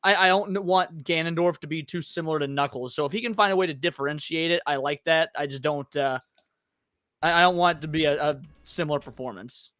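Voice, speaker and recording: High-pitched man, stammering and questioning, dry close mic. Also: brisk, a bit bright, dry recording. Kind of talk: casual chat.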